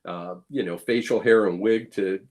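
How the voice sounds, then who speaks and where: Man telling a rambling story, lowish voice, lots of ums and uhs, playful quoted lines. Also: moderate pace, darkish tone. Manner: rambling anecdotes with many fillers and restarts. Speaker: guest, blacksmith. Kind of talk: casual storytelling chat.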